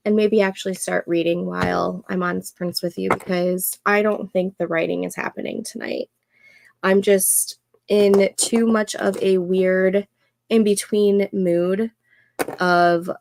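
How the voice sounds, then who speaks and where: Slow soft-spoken woman streamer, gravelly. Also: medium pitch. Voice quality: soft, soothing voice. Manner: slow, thinking aloud, reading chat comments. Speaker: livestream host. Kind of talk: casual co-working livestream chat.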